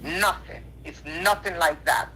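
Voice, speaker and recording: A woman's voice: on the low side, measured pace, sharp tone, a little hiss or hum. A tearful woman calling in on a phone line, talking in an earnest, repetitive, preacherly way. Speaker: caller. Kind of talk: emotional call-in apology.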